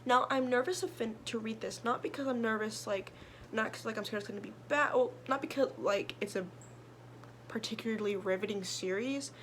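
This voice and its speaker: A young woman with a slightly high voice talks through her reading list in a chatty, rambling way. She piles on fillers and restarts as she goes. A faint hiss of background noise sits under her voice. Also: fairly quick, a bit bright. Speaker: book vlogger. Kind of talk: casual chat.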